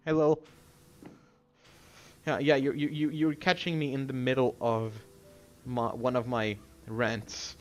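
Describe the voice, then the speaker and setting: A man's voice: medium pitch, moderate pace. A man streaming a video game, ranting heatedly and swearing freely. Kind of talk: casual game livestream chat.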